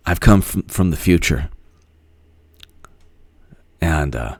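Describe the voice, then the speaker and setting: A man's voice: extremely low pitch, moderate pace, pauses often, no room sound, clean studio sound. A man hosting a live-stream political commentary, rambling, laughing often and thanking viewers by name. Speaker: host.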